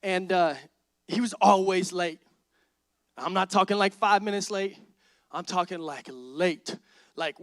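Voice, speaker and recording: Male pastor, 30s, high voice, animated sermon storyteller, dry sound. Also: normal speed, dry recording. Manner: animated storytelling, acts out dialogue.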